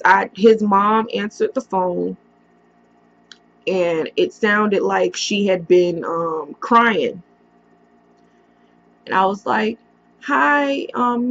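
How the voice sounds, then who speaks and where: A woman telling a painful personal story on a casual storytime vlog, halting often with pauses and fillers as she speaks into a computer mic. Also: medium pitch, vocal fry, a bit bright, lo-fi sound. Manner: halting, emotional retelling with many pauses and fillers.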